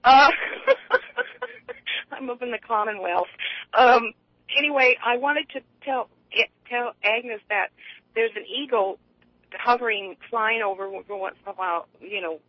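A woman's voice: fairly high pitch, unhurried, no echo. A woman calling in to a radio show, telling long rambling stories with many restarts. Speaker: caller. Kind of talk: casual radio call-in chat. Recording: dull lo-fi line, dry.

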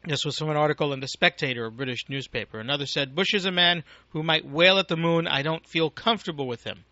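A man's voice: on the high side, fast, bright, forceful tone, dry recording. An American man giving an angry, profane, rambling political rant as a talk radio host, on a dull lo-fi recording. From United States.

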